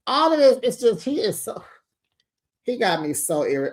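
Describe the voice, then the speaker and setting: A woman with a fairly low voice recaps reality TV in a casual, sassy way. She is full of slang and talks straight to her viewers as a host. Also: sing-song, moderate pace, a little mellow.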